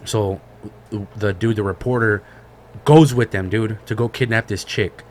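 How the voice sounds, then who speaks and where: With a fairly low voice and a measured pace, this man co-hosts a podcast, recounting a story lively and loaded with slang and profanity in casual conversation.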